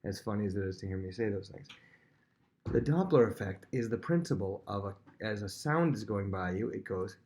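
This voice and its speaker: A man's voice: fairly low pitch, animated, a little fast, darkish tone. A man teaching a physics lesson on video, talking casually and directly to students at home. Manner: casual, chatty, talks straight to students at home.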